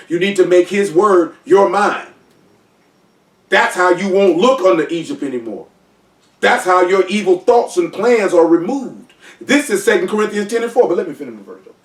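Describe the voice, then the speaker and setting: Man teaching scripture in loose slangy talk with joking asides; higher voice, recorded far off in a roomy space. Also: lively intonation, fairly quick. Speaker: teacher leading a Bible study. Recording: echoey room, distant mic.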